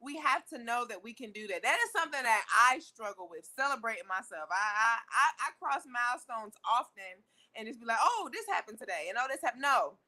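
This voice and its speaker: Emphatic bright-voiced woman host. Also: a little high, sing-song, brisk, few pauses. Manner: emphatic, preachy, repeats "listen" and "ladies". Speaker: podcast host. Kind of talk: casual motivational chat.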